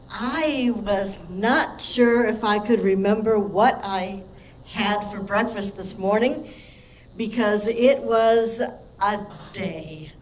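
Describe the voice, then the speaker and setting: A woman's voice: mid-range voice, slight background noise, poor audio. A woman giving a short impromptu talk at a speaking practice meetup, wry and rambling. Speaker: workshop participant. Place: meetup room.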